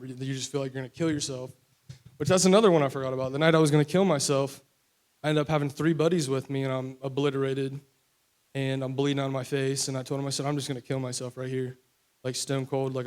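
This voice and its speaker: Talking quickly with little pitch movement, a young adult man from West Virginia recounts his own recovery story. His medium-pitched voice is a little mellow, and his telling is candid, rambling and full of fillers.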